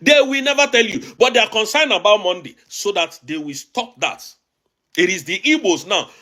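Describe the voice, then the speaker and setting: A man's voice: high-pitched, lively intonation, normal speed, pushed and bright. A man with a Nigerian accent giving emphatic, agitated political commentary as an online show host, often repeating phrases. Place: abroad, recording a video.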